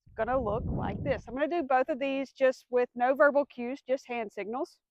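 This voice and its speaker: A woman's voice: high voice, normal speed, a little mellow, no echo, highs cut off. A woman dog trainer explaining commands step by step, giving firm cues to a dog. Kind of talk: instructional demonstration.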